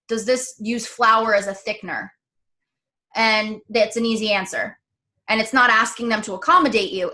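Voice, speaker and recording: A woman vlogger chatting casually, telling stories animatedly with lots of "um" and "like". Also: a little high. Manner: chatty, animated storytelling with frequent fillers. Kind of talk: casual chat.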